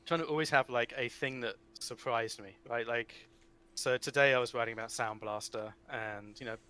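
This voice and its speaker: A man's voice: mid-range voice, fairly even intonation, moderate pace, bright, forceful tone, smooth. A man, a father who writes about a card game, talking casually and rambling, often restarting his sentences.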